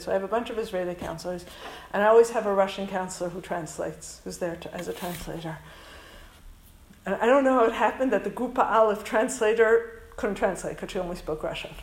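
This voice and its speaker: Sharing an emotional, sincere story with an audience, this school principal and summer camp director from Canada sprinkles her speech with Hebrew and Yiddish. Her voice is medium-pitched, and the audio is poor with a roomy sound.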